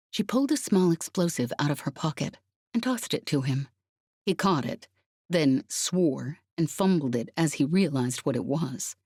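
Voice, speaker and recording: A woman narrating a sci-fi audiobook in a brisk, vivid reading style. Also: low voice, lively intonation, a little mellow, slightly rough, dry recording, clean studio sound.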